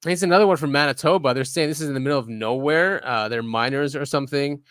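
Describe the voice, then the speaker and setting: A man's voice: medium pitch, quick pace, a bit bright, smooth, no room sound, clean studio sound. A man cohosting a podcast in laid-back casual chat, mimicking others for laughs. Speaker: podcast co-host.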